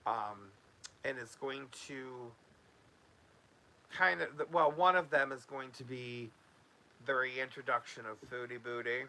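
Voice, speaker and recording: A man's voice: medium pitch, takes it slowly, long pauses, sharp tone. A man hosting a casual home vlog, talking loosely with many fillers and restarts. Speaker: YouTube host.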